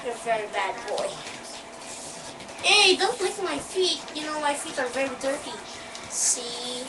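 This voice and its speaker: A woman chatting casually on a home webcam video, scolding her puppy and yelping out loud. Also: high voice, animated, measured pace. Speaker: dog owner. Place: room at home. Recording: echoey, distant, noisy webcam audio.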